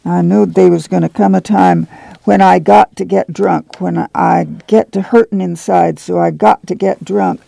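A man reading the lines of a guilt-ridden farmer uncle, speaking slowly and sadly in rural dialect. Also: sits high, steady tone, creaky, dark tone, no room sound, full character voice. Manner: slow, sad, rural dialect.

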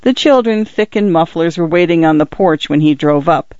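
A man narrating a literary novel as an audiobook, in a measured, expressive reading. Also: a little high, no room sound, dull audio.

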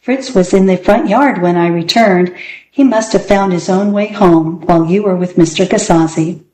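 A woman voicing a kind, gently amused older woman, speaking in a gentle, reassuring way in a storybook reading. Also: on the low side, normal speed, a little hiss or hum, natural voice. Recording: roomy echo.

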